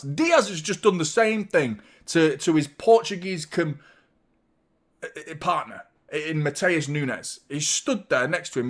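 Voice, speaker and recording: A man hosting a live football watchalong, chatting casually with animated, sweary banter. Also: fairly high pitch. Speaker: host of a football fan watchalong.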